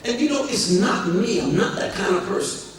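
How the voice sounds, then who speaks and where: Delivering a sermon, this American pastor acts out dialogue in a lively, funny story, his high-pitched voice swinging broadly at normal speed. The recording comes from a distance in an echoey hall full of people, with slight background noise.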